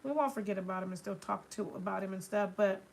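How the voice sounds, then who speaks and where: A woman's voice: medium pitch, fast. A woman chatting casually in a nail salon, telling a long story in a rambling way, full of filler phrases. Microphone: phone livestream. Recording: clear nail sanding noise behind.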